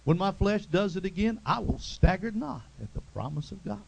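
A man's voice: high-pitched, lively intonation, moderate pace, gravelly, darkish tone, breathy edge, highs cut off. A man preaching a sermon, emphatic and repetitive, calling out to his congregation. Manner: emphatic, repeats phrases, calls out to the congregation.

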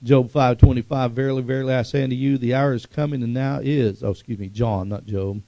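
A male preacher delivers a fervent sermon, his gravelly voice swinging into sudden loud bursts. The recording is dry and a little muffled, with no room sound. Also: medium pitch, steady tone, a little fast, no echo.

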